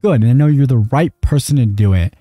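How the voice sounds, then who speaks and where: A young man, a gaming host, talking his way through a voice-chat game in a playful, smooth-talking, jokey manner. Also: mid-range voice, brisk, warm tone, no echo, studio quality. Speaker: gaming YouTuber. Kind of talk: playing a voice-chat game on camera.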